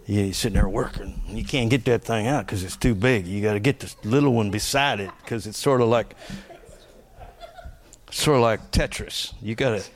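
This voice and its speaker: A man preaching a conversational sermon in a folksy, joking way, laughing often and swinging from quiet asides to loud punchlines. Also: on the low side.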